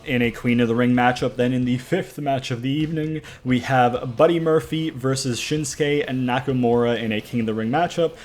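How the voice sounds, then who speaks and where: Rambling, self-mocking man recapping. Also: medium pitch. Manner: rambling and loose, with casual swearing and self-mocking asides. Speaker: YouTuber running a wrestling game universe. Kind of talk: casual recap of a booked wrestling show.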